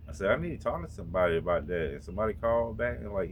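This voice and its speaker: A middle-aged man with a very low, deep voice tells a hard personal story in a casual, profane way, as if talking to friends. There is a faint hiss of noise behind him. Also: big pitch swings, very fast, hardly any pauses. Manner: raw, profane, emotional, talks straight to viewers. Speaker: storytelling vlogger. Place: home out in the country.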